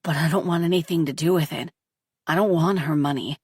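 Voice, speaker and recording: A woman's voice: deep voice, fairly quick, darkish tone, breathy edge, no room sound, distant mic. A woman reading the lines of an earnest teenage boy in a storybook, speaking plainly in her own voice. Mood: subdued. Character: teenage boy, son, shaken but hopeful.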